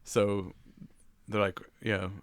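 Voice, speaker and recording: A man's voice: fairly low pitch, little pitch movement, slow, no room sound. A man co-hosting a podcast, recapping a movie in casual chat, loose and swearing, with lots of fillers. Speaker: podcast co-host.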